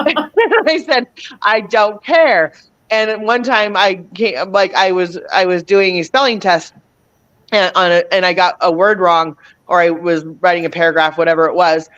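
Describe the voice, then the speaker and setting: A woman's voice: lowish voice, fairly even intonation, fairly bright tone. A woman tells stories from her life in a loose, rambling flow. She often stops mid-sentence, starts over and slips in small laughs as she searches for the right words. The recording sounds dull and lo-fi. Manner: rambling, halting, with many restarts and self-corrections; laughs between phrases. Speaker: host. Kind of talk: casual personal storytelling.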